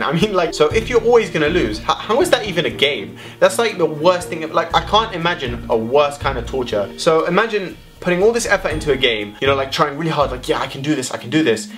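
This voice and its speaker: A young man, ranting animatedly to camera in a casual vlog, full of swearing and exaggeration. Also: a little high. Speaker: vlogger.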